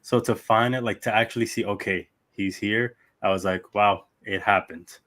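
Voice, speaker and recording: A man's voice: lowish voice, steady tone, moderate pace, fairly bright tone. A man co-hosting a podcast in casual chat, chuckling and explaining at length. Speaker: podcast co-host.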